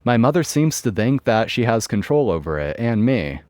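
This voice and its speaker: Young woman, firm, exasperated, lively delivery, man reading, dry sound. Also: mid-range voice, moderate pace, no room sound, natural voice. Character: angry young woman, twenty-two.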